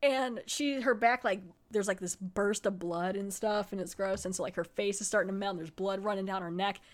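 A woman hosting a podcast, retelling an episode in a casual, animated way and acting out the characters' lines. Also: medium pitch, fairly quick, slight background noise. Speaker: podcast host.

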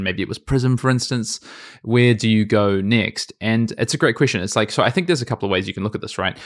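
A man's voice: fairly low pitch, a bit bright. A young man co-hosting a casual podcast, chatty and upbeat with lots of fillers. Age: young adult. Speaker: podcast co-host.

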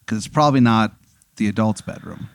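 A man's voice: fairly low pitch, brisk, gravelly, dry recording, studio quality. A man playing along in a comedic improvised scenario, reacting expressively with dismay and surprise. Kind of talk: casual comedic chat.

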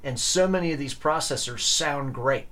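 A man's voice: on the high side, moderate pace, pushed and bright. A young man talking as an interview guest, earnest and enthusiastic, with frequent fillers and restarts. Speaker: guest, electric violinist and grad student. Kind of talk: casual interview talk.

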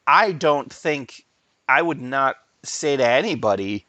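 A man's voice: mid-range voice, a little slow, dry recording, dull audio. A man co-hosting a podcast, telling stories in casual chat and laughing often. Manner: animated storyteller, laughs often. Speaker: podcast co-host.

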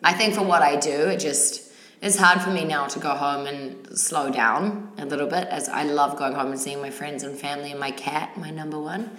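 A bubbly woman in her thirties with a New Zealand accent and a low voice for a woman, talking freely as a podcast guest. She laughs often. The room gives her voice a noticeable echo. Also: fairly even intonation, moderate pace, a bit bright. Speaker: guest, fitness trainer. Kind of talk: casual podcast chat.

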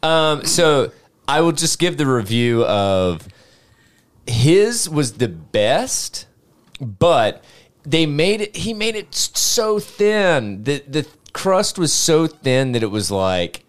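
Brief: male podcast co-host, smooth voice with lively pitch, rambling and profane. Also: takes it slowly. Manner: rambling, swears freely, self-deprecating. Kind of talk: casual chat.

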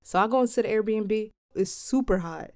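A young woman from Philadelphia casually telling a travel story in a laid-back, slangy, animated way. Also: medium pitch, normal speed, no echo, clean studio sound.

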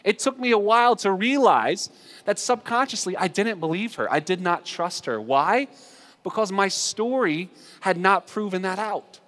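A man preaching a sermon, swinging between loud emphatic lines and hushed asides. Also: high voice, animated, normal speed, in a large hall. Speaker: pastor.

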